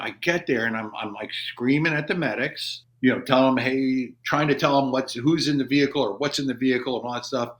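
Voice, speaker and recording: A man's voice: medium pitch, a bit bright. A middle-aged man, a former Army Ranger, telling a war story in an interview, rambling with many restarts and swearing. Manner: profane, intense retelling.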